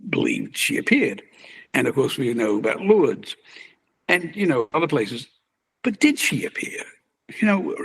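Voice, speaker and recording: An older man, a magazine publisher and interview guest, musing in an animated, conversational way and chuckling as he talks. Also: on the high side, gravelly, slightly rough.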